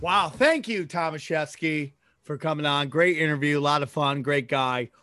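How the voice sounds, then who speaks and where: A man's voice: a little high, normal speed, sharp tone, dry recording, clean studio sound. A man hosting a podcast in a casual chat, teasing his guests with wisecracks. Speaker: podcast host.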